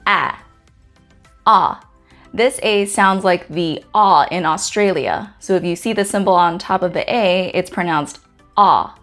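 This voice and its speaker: A woman from Guam hosting a pronunciation lesson, saying each letter slowly and carefully with example words. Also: lowish voice. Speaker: host teaching the Chamorro alphabet. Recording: faint music in the background.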